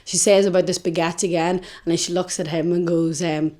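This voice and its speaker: A young woman with a fairly low voice tells a story in casual chat. She is animated, dropping to a hush and then rising loud. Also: brisk. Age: young adult. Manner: animated, swings from hushed to loud. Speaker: podcast co-host.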